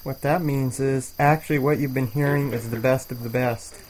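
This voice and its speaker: A man's voice: mid-range voice, fairly even intonation, normal speed, a little mellow, poor audio. A man co-hosting a comedic chat show, tossing in dry sarcastic one-liners. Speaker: co-host.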